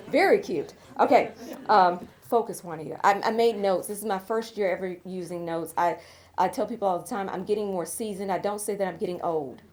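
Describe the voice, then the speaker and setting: A woman's voice: medium pitch, animated, fast, darkish tone. A middle-aged woman from Tennessee with a Southern accent, hosting a charity awards evening in a chatty, self-teasing way. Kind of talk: live speech to an audience. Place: event room with a live audience. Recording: live room with crowd noise.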